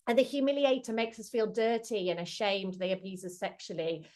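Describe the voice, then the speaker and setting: A woman's voice: mid-range voice, steady tone, fairly quick, a little mellow. A woman, a charity chief executive, giving an earnest talk over a video call, acting out quoted dialogue as she goes. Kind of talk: talk on domestic abuse. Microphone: computer mic on a video call.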